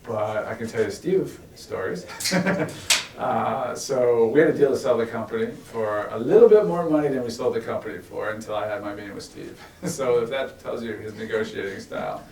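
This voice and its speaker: Middle-aged male ex-executive, gravelly, animated anecdotes, recorded far off in an echoey room. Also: mid-range voice, moderate pace. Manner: animated, laughs while recounting anecdotes. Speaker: former tech executive sharing stories. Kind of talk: relaxed storytelling in a Q&A. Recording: roomy and from far off with faint noise.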